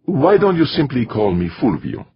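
A man's voice: medium pitch, huge pitch swings, normal speed, husky, dry recording, highs cut off, pitched above the performer's own voice, full character voice. A man voicing a courteous, formal old priest. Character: gracious older male priest, polite and formal.

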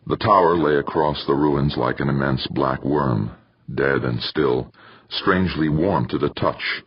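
A man narrating an audiobook in a steady, somber way. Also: extremely low pitch, unhurried, slightly rough, no echo. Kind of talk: scripted narration. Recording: muffled dry recording.

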